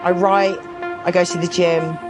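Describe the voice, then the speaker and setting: A woman's voice: lowish voice, little pitch movement, measured pace, loud music behind the voice. A woman in her forties giving candid personal testimony in a documentary, frank and emphatic, repeating herself for weight and swearing freely. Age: 40s. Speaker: documentary subject.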